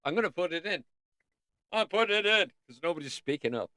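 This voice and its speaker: A man's voice: high-pitched, animated, fairly quick, pushed and bright, no room sound. Guy hosting a livestream, rambles all over the place, dry no-room sound. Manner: rambling, easily sidetracked, sings snatches of songs. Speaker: livestream host. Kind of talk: casual livestream chat.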